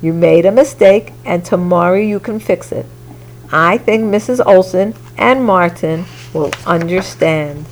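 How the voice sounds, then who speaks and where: Woman reading as a calm storybook father, low soft voice, reassuring. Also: unhurried, a little hiss or hum, low-quality recording. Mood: gentle. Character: kind, calm father of a young girl.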